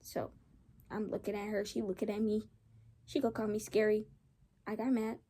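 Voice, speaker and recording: A woman's voice: mid-range voice, moderate pace, breathy edge. A young woman casually telling a storytime, rambling along with slang and lots of restarts. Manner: rambling, animated retelling with slang.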